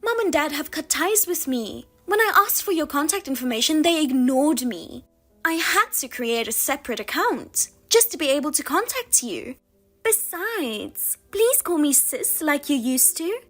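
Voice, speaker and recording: A woman's voice: high voice, sing-song, measured pace, a bit bright, soft background music, full character voice. A woman voicing a smug, spiteful younger sister in a story reading, taunting and gloating. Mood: teasing. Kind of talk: audio drama reading.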